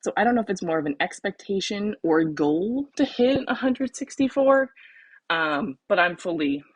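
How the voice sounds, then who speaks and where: A woman's voice: medium pitch, expressive, normal speed, breathy edge, no room sound. A woman with a Southern US accent hosting a casual livestream, chatty and laughing at herself as she talks. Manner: chatty, laughing, self-deprecating. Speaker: host.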